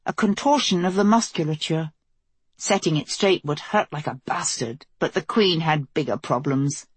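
A woman reading a fantasy novel aloud as the narrator, in a steady, measured way. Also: low-pitched, husky, no echo. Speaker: audiobook narrator.

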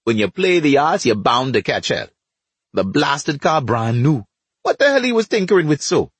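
A man doing a loud, scolding Trinidadian neighbor. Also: a little high, very animated, normal speed, husky, dry recording, voice pushed up, heavily acted. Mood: mocking. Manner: scolding, boisterous, sarcastic. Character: gruff, loud grown man, bossy neighbor.

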